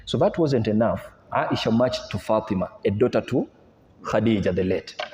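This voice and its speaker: A male Islamic preacher with a fairly low voice retells stories in a sermon at a moderate pace. He's animated, mixing languages and posing rhetorical questions, and the echoey hall gives his voice a long reverb.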